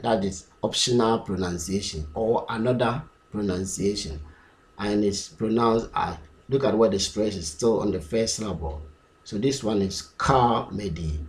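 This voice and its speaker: Male tutor, lowish voice, patient, repeats each word many times. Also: darkish tone. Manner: drills words slowly and repeats them many times. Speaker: English pronunciation teacher. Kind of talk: slow, repetitive pronunciation lesson.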